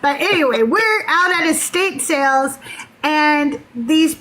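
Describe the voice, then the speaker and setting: A woman telling a personal story in casual talk, animated and laughing often. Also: sits high, slow pace, a little hiss or hum, low-quality recording. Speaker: podcast guest.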